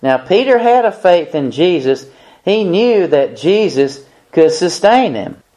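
Male preacher, slightly high voice, unhurried, reads scripture aloud between comments. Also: sing-song, mellow. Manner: deliberate, reads aloud from the Bible. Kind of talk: sermon with scripture reading.

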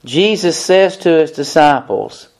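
Male preacher, slightly high voice, unhurried, reads scripture aloud between comments. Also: lively intonation, a little mellow. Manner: deliberate, reads aloud from the Bible. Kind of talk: sermon with scripture reading.

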